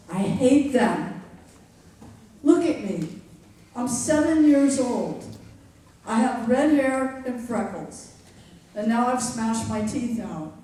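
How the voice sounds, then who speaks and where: A woman telling a story live on stage, deliberate and dryly wry, confiding in the audience. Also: sits high, warm tone. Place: theater stage. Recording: echoey theater from far off.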